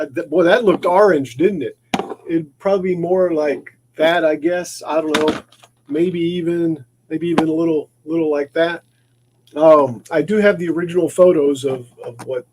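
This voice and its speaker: Working in his maker shop, a man rambles through a casual livestream, restarting and repeating his words often. His pitch is fairly high, his speed normal, and the background is noisy.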